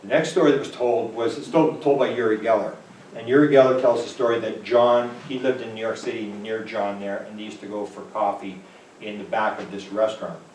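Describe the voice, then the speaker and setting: Brisk and fairly even in intonation, a Manitoba man with a fairly low, slightly mellow voice delivers a rambling, conversational lecture full of stories, acting out their voices. The roomy recording from a distant mic in the talk venue has faint background noise.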